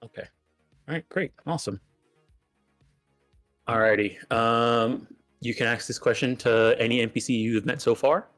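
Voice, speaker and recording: Laid-back male game master, mid-pitched. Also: a bit bright, faint music behind. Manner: easygoing, filler-heavy, halting. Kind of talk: running a tabletop game.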